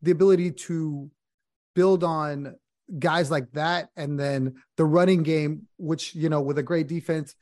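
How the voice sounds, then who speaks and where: A man's voice: a little high, a little slow, no echo, clean studio sound. A man co-hosting a sports podcast, talking through team analysis fluently. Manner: fluent, steady analytic breakdown. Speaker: podcast co-host.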